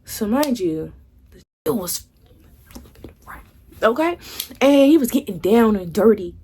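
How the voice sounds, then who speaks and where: A woman's voice: fairly high pitch, sing-song, unhurried, darkish tone, a little hiss or hum. A young woman vlogger telling a candid storytime, swearing freely and acting out what her friends said. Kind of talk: casual storytime.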